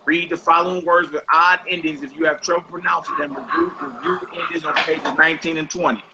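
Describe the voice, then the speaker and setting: A man's voice: on the high side, fairly even intonation, quick pace. Man, patient teacher, repeats instructions, muffled lo-fi recording, faint hiss. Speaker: Hebrew teacher. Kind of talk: classroom instruction. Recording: dull lo-fi recording.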